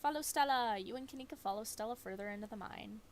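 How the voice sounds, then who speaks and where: A woman streamer narrating a visual novel in a measured, storytelling way. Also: medium pitch, darkish tone, a little hiss or hum. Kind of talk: game narration.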